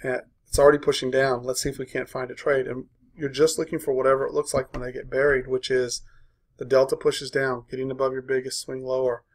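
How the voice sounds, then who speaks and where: Gravelly man coaching a trading room. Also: mid-range voice, monotone. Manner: brisk, punchy, tags points with "right?"; walks through a chart aloud.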